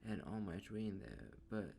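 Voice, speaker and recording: A man casually narrating a fan story in a rambling, drawn-out way. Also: fairly low pitch, sing-song, gravelly, warm tone, a little hiss or hum.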